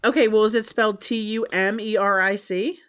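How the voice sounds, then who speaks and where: A woman's voice: mid-range voice, fairly even intonation, brisk, a bit bright, smooth. A woman co-hosting a live home stream, chatting casually and insisting on her point, spelling words out letter by letter. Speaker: co-host of a live reselling stream. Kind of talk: casual chat.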